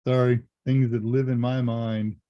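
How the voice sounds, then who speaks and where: A man hosting a live Q&A stream, chatting casually and joking as he reads messages and thinks out loud. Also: mid-range voice, little pitch movement, a little slow, lo-fi sound. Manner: chatty, jokey, thinks aloud. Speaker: live Q&A host.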